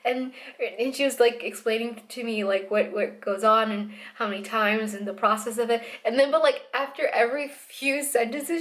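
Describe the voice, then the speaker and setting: A woman's voice: a little high, moderate pace. Pregnant young woman rambling in a video diary. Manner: rambling, with restarts and laughter. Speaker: vlogger.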